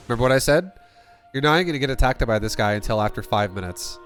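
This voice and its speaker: A man coaching a player through a game replay, blunt and rambling, swearing often and restarting sentences. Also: mid-range voice. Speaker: StarCraft coach. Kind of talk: casual replay coaching with profanity.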